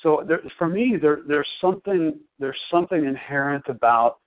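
A man sharing at a recovery meeting in a halting, searching way. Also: fairly high pitch, lively intonation. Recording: tinny phone-line audio.

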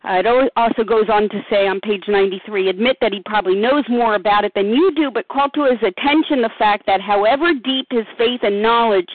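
A woman's voice: fairly high pitch, no echo. A woman sharing at a recovery meeting, steadily reading passages from a book aloud. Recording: dry phone line.

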